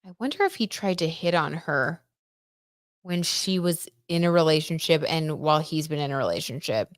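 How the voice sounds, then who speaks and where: A woman's voice: low voice, expressive, normal speed, no room sound, studio quality. A young woman hosting a casual live tarot reading, chatty and gushing, with lots of "like" and "oh my gosh". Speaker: tarot reader and live stream host.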